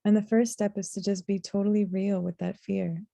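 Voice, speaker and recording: Woman, religious teacher, earnest, deliberate emphasis, mellow voice, dry close sound. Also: medium pitch, flat delivery, vocal fry, no room sound. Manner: earnest, slows to stress key words, recites Arabic verses. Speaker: Quran teacher. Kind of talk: reflective religious lesson.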